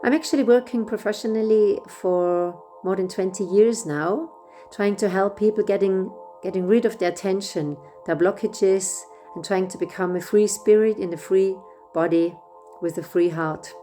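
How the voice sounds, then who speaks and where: A middle-aged woman whose first language is German, guiding a breathwork session in a gentle, unhurried way with small restarts. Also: medium pitch, faint music behind. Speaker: breathwork facilitator. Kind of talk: guided breathwork instruction.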